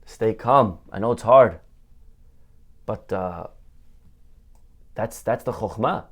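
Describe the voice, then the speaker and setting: Animated rabbi man giving a sermon. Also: medium pitch. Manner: animated, asks and answers rhetorical questions; repeats phrases for emphasis. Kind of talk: Torah lesson sermon.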